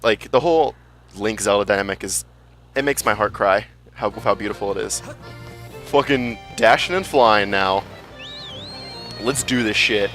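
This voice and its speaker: A man's voice: fairly low pitch, moderate pace, long pauses, fairly bright tone, faint music behind. A young man giving casual, chatty gameplay commentary, swearing freely and cracking jokey asides. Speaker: let's play gamer.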